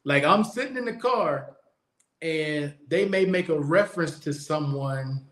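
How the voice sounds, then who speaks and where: A man's voice: on the high side, animated, measured pace, a bit bright. A man hosting a podcast, speaking bluntly in a casual monologue and repeating his points for emphasis. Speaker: podcast host. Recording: echoey room.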